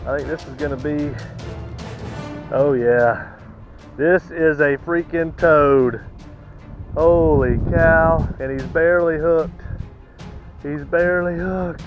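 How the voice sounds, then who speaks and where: Male angler on a lake, breathless and excitable, slow unhurried talk, dull lo-fi camera sound. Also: fairly high pitch, over music. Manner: excitable, repeats exclamations. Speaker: kayak angler. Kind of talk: excited on-the-water fishing commentary. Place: on a kayak outdoors on a lake.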